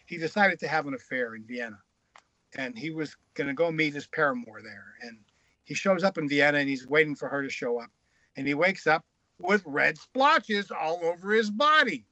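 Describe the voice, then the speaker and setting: Bright, high-voiced man telling frank stories. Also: no room sound, lo-fi sound. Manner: frank, crude, animated storyteller. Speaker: guest author. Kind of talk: casual anecdotal storytelling.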